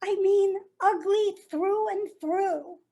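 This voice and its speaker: A woman playing a bitter, wounded jilted lover, very high-pitched. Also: slow, mellow, heavily acted. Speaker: actor performing a monologue. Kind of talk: stage monologue.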